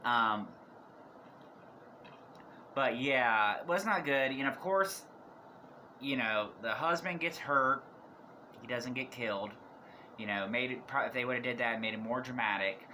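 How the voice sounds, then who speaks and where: A man casually reviewing movies for a vlog, talking in a rambling way that keeps restarting sentences, his voice going hoarse. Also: medium pitch, measured pace, pauses often, bright, forceful tone, a little hiss or hum. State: losing his voice.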